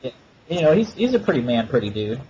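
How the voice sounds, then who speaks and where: A man's voice: mid-range voice, sing-song, quick pace, darkish tone, a little hiss or hum. A man co-hosting a podcast, telling a rambling story in a profane, sarcastic way. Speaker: podcast co-host. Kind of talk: casual ranting storytelling. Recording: dull lo-fi podcast audio.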